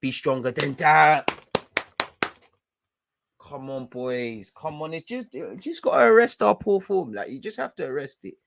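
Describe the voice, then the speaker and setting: A young man streaming a football watchalong, shouting at players and slipping into slang as he grows frustrated. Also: on the high side, lively intonation, a little slow, creaky, no room sound. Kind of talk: live match reaction commentary.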